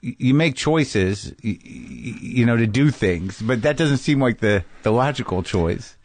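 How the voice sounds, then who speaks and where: A man hosting a podcast interview, talking casually and haltingly with many restarts. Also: mid-range voice, expressive, dry recording. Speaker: podcast host.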